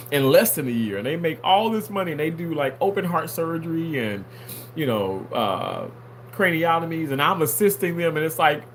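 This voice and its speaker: This man's slightly high voice carries over slight background noise as he casually livestreams, animatedly reading viewer comments and playfully answering them amid frequent laughter.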